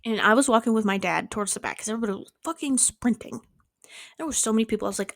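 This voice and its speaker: Young woman vlogger, casual storytime, lively with voiced-out quotes, dry close bedroom sound. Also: racing, vocal fry, dry recording. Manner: animated, swearing, acting out quotes with big pitch jumps.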